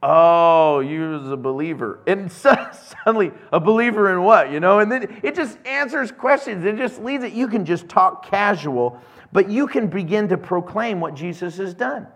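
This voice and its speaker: A man preaching a casual, conversational sermon as pastor, acting out little scenes with quick voices. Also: high-pitched, lively intonation, a bit bright.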